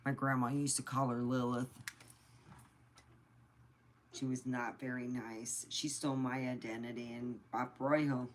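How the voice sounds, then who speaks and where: A woman's voice: very deep voice, little pitch movement, unhurried, pauses often, slight background noise. A middle-aged woman from the United States telling personal stories in a blunt, chatty way and swearing freely. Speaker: vlogger. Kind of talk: casual storytelling.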